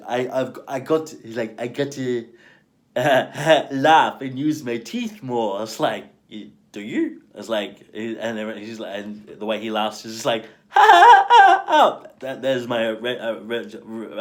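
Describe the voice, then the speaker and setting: A man reviewing a film in a casual vlog. He rambles through many fillers, swears freely and laughs often. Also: medium pitch. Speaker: movie reviewer.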